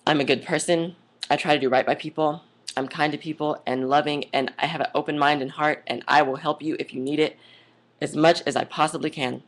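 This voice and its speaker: A woman's voice: deep voice, fairly even intonation, brisk. A young adult woman vlogging in a casual monologue, chatty and gushing, rambling off onto tangents. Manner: gushing, says "oh my God" and "like" a lot.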